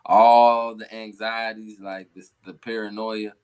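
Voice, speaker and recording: Chill low-voiced dude co-hosting, nonchalant and drawn out. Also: male voice, level tone, takes it slowly, darkish tone, clean tone. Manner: laid-back, nonchalant, drawn out. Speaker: co-host. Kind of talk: casual podcast chat.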